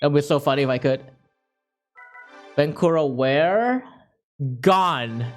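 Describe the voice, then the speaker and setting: A man's voice: a little high, expressive, takes it slowly, faint music behind. A man casually chatting to his chat while playing a racing game on a stream, jokey and a bit profane.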